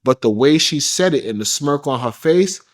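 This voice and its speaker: A man's voice: a little high, lively intonation, normal speed. A man as an interview guest, telling a personal story candidly in a casual, slangy and blunt way.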